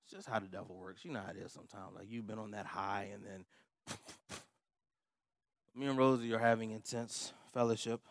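A man's voice: fairly low pitch, fairly even intonation, fairly quick, creaky, long pauses, no echo. Laughing, storytelling male preacher. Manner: conversational, humorous, laughs often. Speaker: pastor. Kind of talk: sermon with personal storytelling.

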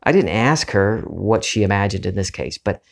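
Gravelly-voiced man hosting a spiritual podcast. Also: lowish voice. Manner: calm, earnest, unhurried. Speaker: podcast host. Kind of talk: reflective spiritual talk.

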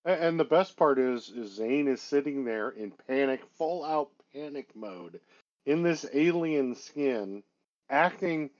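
A man's voice: mid-range voice, animated, measured pace, muffled recording. A man co-hosting a casual movie review podcast, retelling the plot in a wry, matter-of-fact way. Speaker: podcast co-host.

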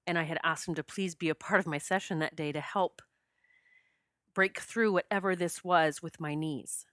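A woman's voice: lowish voice, steady tone, moderate pace, fairly bright tone, dry recording, clean studio sound. A woman hosting a podcast, telling a personal spiritual story and getting choked up as she talks. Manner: emotional, gets choked up. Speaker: podcast host.

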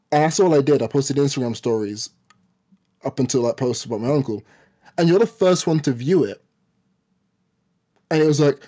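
Halting young man in casual chat. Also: mid-range voice, dark tone. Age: 20s. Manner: halting, with frequent stammered restarts. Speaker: podcast co-host.

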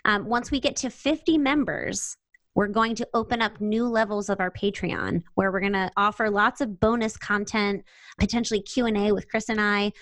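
A woman's voice: mid-range voice, dry recording, poor audio. A woman co-hosting a podcast, talking in an upbeat, casual way. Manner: upbeat, promotional. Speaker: podcast co-host.

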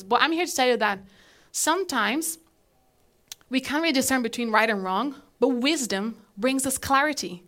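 A woman pastor giving a conversational, animated sermon to a live congregation in a church, asking them questions as she goes. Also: sits high, normal speed.

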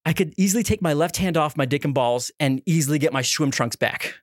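A young man co-hosting a podcast, telling a comedic story and acting out the quotes with loud, animated voices. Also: a little fast, no room sound, studio quality. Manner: animated, acts out quotes with big pitch jumps and shouts. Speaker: podcast co-host.

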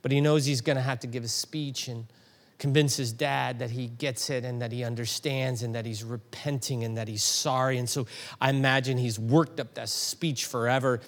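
A middle-aged man preaching a sermon, telling a story with animated emphasis that climbs to emphatic peaks. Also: medium pitch, normal speed. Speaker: pastor.

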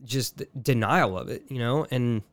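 A man's voice: mid-range voice, normal speed, a bit bright, no room sound. A man co-hosting a casual podcast, exasperated and rambling, restarting sentences and swearing often. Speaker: podcast co-host.

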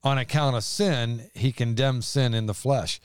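A man's voice: medium pitch, unhurried, clean tone, dry recording, studio quality. A man, a pastor co-hosting a podcast, talking earnestly and quoting scripture at length. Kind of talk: casual religious podcast chat.

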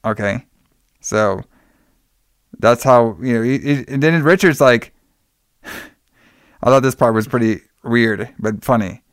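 A man casually recapping a film for his podcast audience, rambling and dropping swear words, laughing as he acts out the characters' lines. His voice is smooth and clear, at an ordinary pitch. The recording is dry and close. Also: slow pace, pauses often, no room sound.

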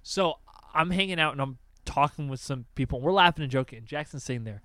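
Bright-voiced young man telling stories. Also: fairly high pitch, quick pace, no room sound. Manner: animated storytelling, swearing, acting out voices. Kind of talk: casual chat.

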